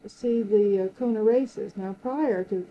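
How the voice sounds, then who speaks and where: A woman's voice: medium pitch, measured pace, dull audio, slight background noise. An older woman recalling old times in an interview, telling her story with frequent laughter. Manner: lively storyteller, laughs often, acts out quoted speech. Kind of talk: oral history reminiscence.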